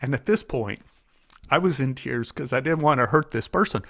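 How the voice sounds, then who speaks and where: A man's voice: mid-range voice, normal speed, vocal fry, no echo, studio quality. Older man telling a story animatedly. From Dallas, Texas. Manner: animated, acts out remembered voices. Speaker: guest storyteller. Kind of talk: conversational storytelling.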